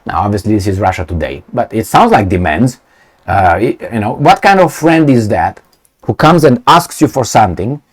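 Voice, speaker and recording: A man's voice: on the low side, lively intonation, normal speed. A man giving blunt, sarcastic political commentary in a casual way, with many fillers.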